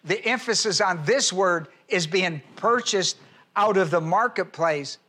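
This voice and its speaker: High, bright-voiced male preacher teaching. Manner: spells out words and cites scripture references in a teaching tone; repeats key phrases slowly for emphasis. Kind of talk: sermon teaching.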